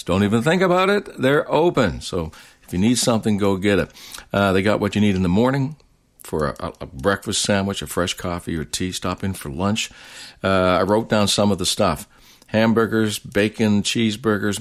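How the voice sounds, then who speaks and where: Man, country radio host, folksy and easygoing, lowish voice. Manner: easygoing, folksy, filled with uh's. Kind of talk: casual radio show chat with a read sponsor spot.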